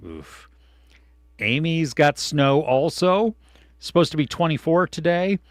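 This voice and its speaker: A man co-hosting a casual live stream, reading viewers' comments and swinging from excited outbursts to low mutters. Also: slow, dry recording, clean studio sound. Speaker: podcast co-host reading live chat. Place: home studio.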